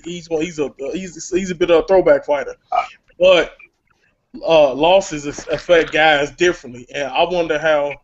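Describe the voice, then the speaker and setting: A man hosting a casual boxing talk show, rambling with many stammered restarts. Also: fairly high pitch. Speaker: podcast host. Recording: lo-fi online call with faint hiss.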